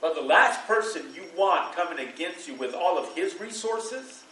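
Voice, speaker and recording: A man's voice: sits high, expressive, normal speed, pushed and bright, reverberant, far from the mic, a little hiss or hum, low-quality recording. A middle-aged man preaching a sermon to a church congregation, in a loose, conversational way, with fillers and bursts of laughter. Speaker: pastor.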